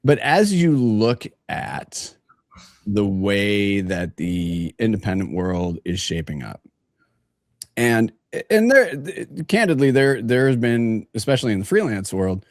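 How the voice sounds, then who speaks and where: A man's voice: lowish voice, very animated, takes it slowly, no room sound, clean studio sound. A man hosting a casual interview, playful and rambling, asking long questions full of fillers. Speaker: interviewer, host.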